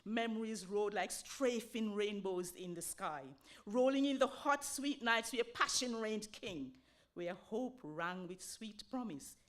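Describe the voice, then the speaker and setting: Slow, solemn woman reciting poetry. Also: mid-range voice, animated. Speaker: poetry reader. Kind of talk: dramatic poetry reading.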